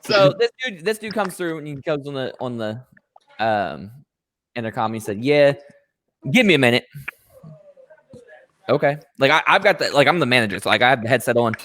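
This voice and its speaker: A man's voice: mid-range voice, normal speed, long pauses, dry recording. Podcast guy doing all the voices in his story, cussing, regular mid voice. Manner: animated storyteller who acts out both sides, profane. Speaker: podcast host. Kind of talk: casual storytelling chat.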